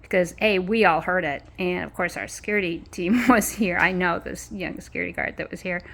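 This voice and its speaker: A woman's voice: lowish voice, brisk, gravelly, a bit bright. A woman vlogging in a casual, meandering way with frequent small laughs, speaking outdoors in an apartment courtyard. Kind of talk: casual rambling chat.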